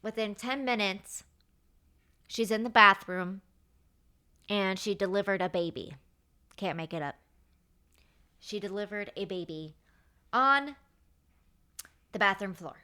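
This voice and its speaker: A woman's voice: mid-range voice, slow pace, pauses often. A woman in her thirties hosting a podcast, telling work stories in a casual, chatty way with lots of fillers and quoted dialogue. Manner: animated retelling with acted-out quotes. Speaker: podcast host. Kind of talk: casual storytelling monologue.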